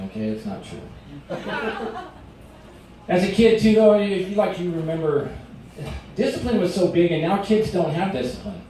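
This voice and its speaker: A middle-aged man doing a stand-up comedy set in a restaurant, telling stories in an animated way and acting out shouted quotes. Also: a little high, a little hiss or hum. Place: restaurant performance space. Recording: very echoey room recorded from a distance.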